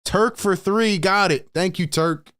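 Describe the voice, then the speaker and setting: Young American man, fairly high voice, live-stream play-by-play host, blunt, exasperated, casual slang. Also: measured pace, a bit bright, smooth. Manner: frustrated, blunt, talks straight to chat.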